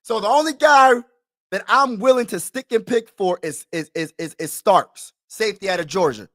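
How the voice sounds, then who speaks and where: On a relaxed live stream, a man addresses his chat at a moderate pace, using slang and saying things more than once. His delivery ranges from low muttering to angry, frustrated shouting.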